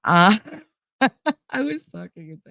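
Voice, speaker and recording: A woman's voice: medium pitch, very animated, drawn-out words, vocal fry, sharp tone, no echo. A woman with a New Jersey accent chatting casually on a livestream, rambling and laughing often, a little nasal from a stuffy nose. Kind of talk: casual chat.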